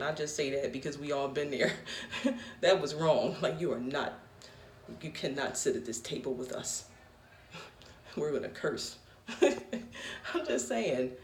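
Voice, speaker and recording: Laughing woman telling a story in a roomy space. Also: medium pitch. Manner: laughs often, animated self-talk. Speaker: vlogger. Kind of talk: casual storytelling monologue. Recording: roomy echo, a bit distant from the mic.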